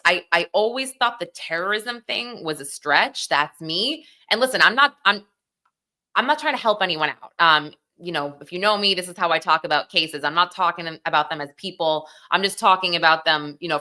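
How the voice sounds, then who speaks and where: A woman's voice: lowish voice, sharp tone. A young woman hosting a live legal talk show, chatting casually with lots of "like" and "you know" and acting out the people she quotes.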